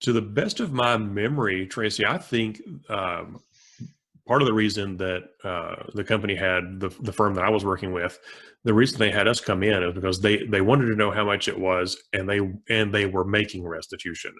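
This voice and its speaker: A man being interviewed as a forensic accountant, answering casually with frequent pauses and restarts. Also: on the low side, fairly even intonation, a bit bright. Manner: hesitant, many restarts and "uh"s.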